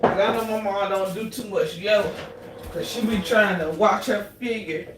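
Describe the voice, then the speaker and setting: A woman's voice: medium pitch, normal speed, noisy background. A woman chatting casually to her viewers while cooking in her home kitchen for a vlog. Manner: chatty, talks straight to viewers. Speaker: vlogger.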